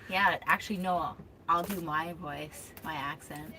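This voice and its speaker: A woman's voice: low-pitched, fairly even intonation, a little slow, pushed and bright. Kiwi woman joking around off camera, new zealand accent, noisy background. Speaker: co-host. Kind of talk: casual chat.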